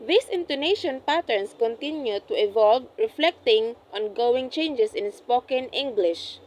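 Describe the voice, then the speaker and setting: A young woman, a student, reading a class report aloud, carefully and deliberately, often correcting herself mid-phrase. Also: on the high side, expressive, darkish tone, rough recording. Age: young adult. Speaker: student presenting an assessment.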